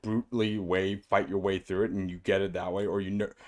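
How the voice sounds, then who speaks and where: A young man co-hosting a podcast, chiming in with relaxed, slangy and profane remarks. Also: deep voice, a little fast. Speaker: podcast co-host. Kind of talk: casual chat.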